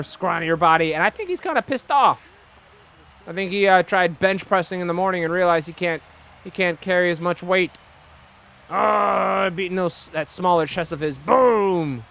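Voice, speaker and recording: A young man with a high, bright voice gives upbeat, rambling commentary over a video game. He jokes along as he describes the action. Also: clean tone. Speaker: let's play host.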